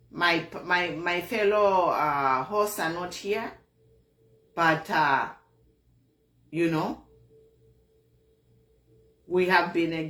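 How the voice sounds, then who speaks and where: Host of an online show, a woman with a Zambian accent gives a slow, unhurried political monologue, speaking earnestly, repeating herself and sounding disappointed. Her voice is on the low side with a fairly bright tone, and it carries a noticeable room echo.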